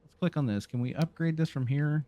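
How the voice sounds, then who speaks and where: A man's voice: on the high side, brisk, warm tone, no echo. A man, hosting a gaming channel and telling a rambling story while he plays, full of restarts and fillers. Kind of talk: casual storytelling while playing a game.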